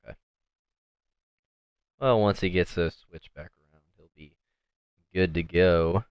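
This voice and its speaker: Low, smooth guy calling a sim race, dry close mic, lots of ums and uhs. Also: measured pace, dry recording, highs cut off. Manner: casual, filler-heavy play-by-play. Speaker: race commentator. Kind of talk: sim racing commentary.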